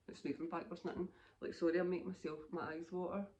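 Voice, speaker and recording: A woman's voice: on the low side, little pitch movement, fairly quick, a little mellow. Scottish lady in her 50s, rambly knitting chat, laughs a lot. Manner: chatty, rambling, laughs often. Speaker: knitting podcast host. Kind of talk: casual chat.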